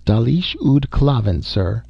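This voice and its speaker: A man voicing a loyal, efficient female secretary, speaking crisply and deferentially, in a dull recording. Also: mid-range voice, sing-song, slow pace, no echo, heavily acted. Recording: dull muffled audio.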